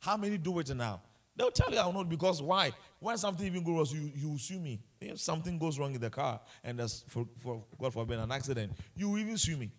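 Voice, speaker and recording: A man's voice: on the high side, animated, brisk. A man preaching a sermon with passion, repeating himself and asking the congregation rhetorical questions. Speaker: pastor.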